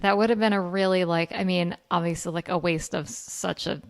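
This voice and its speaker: Lady podcast host, lowish gravelly voice, lots of likes. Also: fairly even intonation, fairly quick. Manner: enthusiastic, filler-heavy. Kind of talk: casual film chat.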